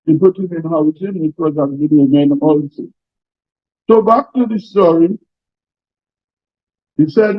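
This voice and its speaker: An older Trinidadian man with a high-pitched voice addresses a union seminar, hammering points home through repetition and folksy stories. The sound is dull and lo-fi, and very dry. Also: a little slow, long pauses, no echo. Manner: emphatic, repetitive, folksy storytelling. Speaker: trade union president. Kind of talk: seminar speech with anecdotes.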